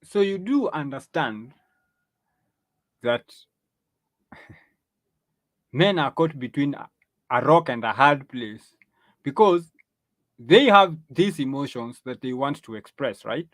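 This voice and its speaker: A man's voice: mid-range voice, lively intonation, slow pace, long pauses, no echo. A man hosting a talk show, commenting on clips in a chatty way and often repeating words as he talks. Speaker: host.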